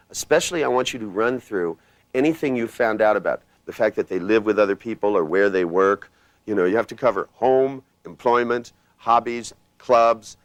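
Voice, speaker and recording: A man leading a live hypnosis workshop, blunt and commanding, swinging his pitch and loudness to demonstrate. He talks casually and swears now and then. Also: dry recording. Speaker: hypnosis trainer.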